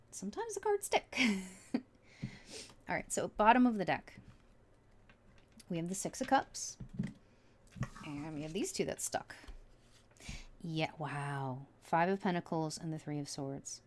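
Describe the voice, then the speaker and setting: A woman giving a casual tarot reading to viewers, excitable and emotional, often trailing off and restarting her sentences. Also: on the low side, a little hiss or hum. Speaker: tarot reader.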